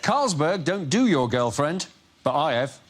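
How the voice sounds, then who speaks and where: A man on a comedy panel show, delivering deadpan one-liners. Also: fairly high pitch, unhurried. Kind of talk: improvised comedy lines. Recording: studio audience and crowd noise.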